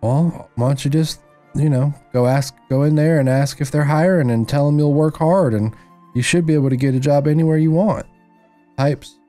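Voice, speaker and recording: A man's voice: fairly high pitch, very slow, mellow, soft background music. A man putting on the voice of a preachy middle-aged man who lectures people about working harder, in a condescending tone.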